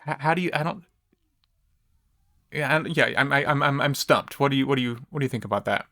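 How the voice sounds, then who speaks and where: Man co-host, dry close sound, mid pitch, halting speech with frequent restarts, casual church chat. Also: sharp tone, dry recording.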